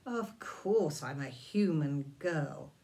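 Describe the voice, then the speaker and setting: A woman's voice: deep voice, animated, slow pace, gravelly, dark tone, pitched below the performer's own voice, heavily acted. A woman voicing a polite, brave and curious little girl in a storybook reading, speaking plainly and matter-of-factly. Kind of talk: storybook read-aloud.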